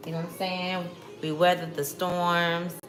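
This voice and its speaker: A woman's voice: lowish voice, level tone, unhurried, background noise. A young adult woman, a psychic, hosting a casual spiritual vlog in a loose, slangy, rambling way and often saying "you know what I'm saying". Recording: echoey room with faint ambience.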